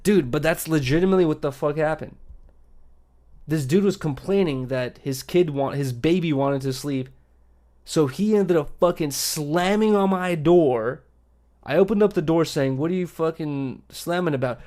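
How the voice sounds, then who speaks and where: A man's voice: on the high side, moderate pace. A young man telling a story to his stream chat in a casual way. He swears a lot and keeps saying "bro" and "like.". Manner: profane, animated, full of "bro" and "like". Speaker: livestream host.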